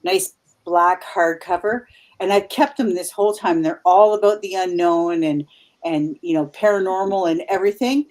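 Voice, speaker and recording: A woman's voice: on the low side, moderate pace, darkish tone. Rambling Canadian woman in her fifties. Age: 50s. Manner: rambling, full of restarts and asides. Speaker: guest paranormal investigator. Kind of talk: casual chat.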